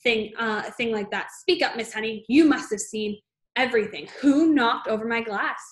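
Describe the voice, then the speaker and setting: A towering, furious headmistress bellows at her class in a loud, roaring voice, as a woman reading the story puts her on. She sounds like a bully from a children's storybook, every line a shout, pitched a touch higher than a plain speaking voice. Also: moderate pace, close to an everyday voice.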